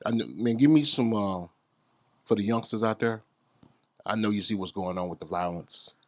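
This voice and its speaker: A low-pitched man hosts a laid-back interview, cheering his guest on with steady amens and yeahs. His voice sits close to the mic in a dry, dead space. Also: normal speed, dry recording. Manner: affirming, answers with amens and yeahs. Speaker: podcast host. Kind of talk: casual interview chat.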